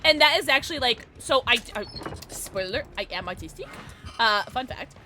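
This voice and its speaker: Excitable woman streamer, lively higher voice. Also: moderate pace. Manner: excitable, chatty, talks to chat, many fillers like "like". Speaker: livestreamer. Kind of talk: casual gaming livestream chat. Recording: game music audible behind voice.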